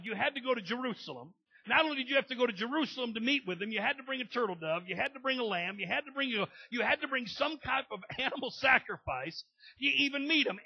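High gravelly man preaching, goes quiet then yells out, kinda dull muffled recording. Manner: swings from low murmurs to shouted outbursts. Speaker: pastor. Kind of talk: sermon.

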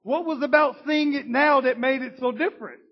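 Husky high-voiced male preacher. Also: fairly quick. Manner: emphatic, repetitive preaching that swings from loud to hushed. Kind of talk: sermon. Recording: dull lo-fi recording.

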